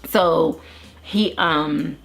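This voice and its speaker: A woman's voice: deep voice, drawn-out words, vocal fry, soft background music. A woman in her thirties, an interview guest earnestly telling her own story with many restarts. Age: 30s. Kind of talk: candid personal testimony.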